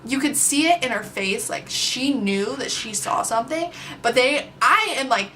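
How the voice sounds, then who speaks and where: A young adult woman telling a story on her vlog, chatty and animated, with plenty of filler words. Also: high-pitched, normal speed, slight background noise. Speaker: vlogger. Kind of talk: casual storytime.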